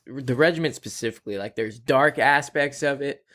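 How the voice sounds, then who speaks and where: A man's voice: medium pitch, moderate pace, fairly bright tone. A man co-hosting a casual podcast chat, an army veteran who jokes and swears casually.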